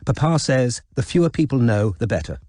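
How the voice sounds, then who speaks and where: A man voicing a cheery, breezy young upper-class woman who talks in a brisk, hurried way in an audiobook. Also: mid-range voice, very animated, warm tone, no echo, clean studio sound.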